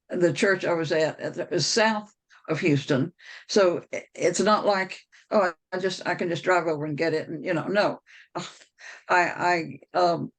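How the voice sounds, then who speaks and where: Gravelly storyteller on a video call. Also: medium pitch, low-quality recording. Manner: rambling anecdotal storytelling with restarts. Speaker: speaker on a members' call. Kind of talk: personal storytelling talk.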